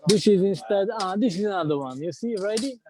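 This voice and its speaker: Italian guy showing food on a busy street, high-ish voice, crowd chatter all around. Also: expressive, rough recording. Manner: enthusiastic, halting, searches for English words. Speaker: tour guide. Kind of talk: live walking tour talk. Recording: crowd noise behind.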